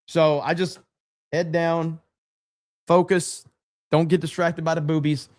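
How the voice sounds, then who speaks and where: Male stream host, loose and rambling, reads chat aloud, slightly high voice. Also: measured pace, long pauses. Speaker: livestream host. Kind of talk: casual live stream chat.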